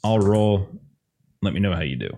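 A man running a tabletop game as game master, relaxed and casual, often repeating words. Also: deep voice, moderate pace.

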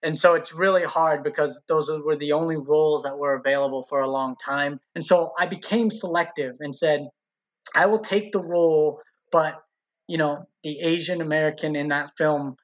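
A man's voice: on the high side, normal speed. A man guest in a casual interview, telling his story and acting out what others said. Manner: animated, quotes people in changed voices. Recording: dull lo-fi sound.

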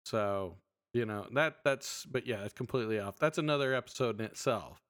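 A man co-hosting a podcast in casual chat, retelling stories with lively acted-out voices. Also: medium pitch, brisk. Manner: animated storyteller acting out voices. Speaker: podcast co-host.

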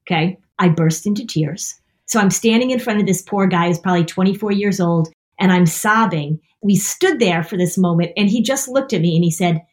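A woman's voice: on the low side, brisk, few pauses. A middle-aged woman telling self-deprecating stories in a casual chat, laughing often.

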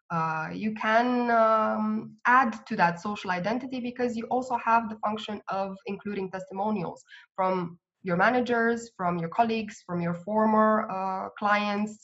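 A woman recruiter answering interview questions in a measured, explanatory way. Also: medium pitch, fairly bright tone. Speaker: recruiter guest. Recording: slightly dull lo-fi audio.

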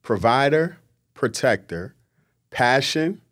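A man, a guest on a podcast, talking in a lively, preachy way and mimicking people he quotes. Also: mid-range voice, takes it slowly. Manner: animated, preachy, acts out quotes in mocking voices. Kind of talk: casual podcast conversation.

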